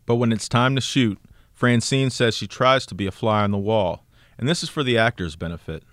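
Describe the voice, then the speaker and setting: A man reporting and narrating a scripted radio news feature in a measured, even way. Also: medium pitch, no echo, studio quality. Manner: measured, even storytelling delivery.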